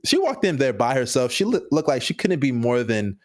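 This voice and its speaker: A man's voice: mid-range voice, sing-song, a little fast, darkish tone. A young man on a podcast, telling a casual story in a loose, rambling way with lots of fillers and chuckles. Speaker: podcast guest.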